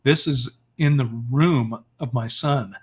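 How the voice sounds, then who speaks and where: A man's voice: medium pitch, takes it slowly, husky. A man reading the part of a solemn aged patriarch who dedicates an offering in formal, archaic words.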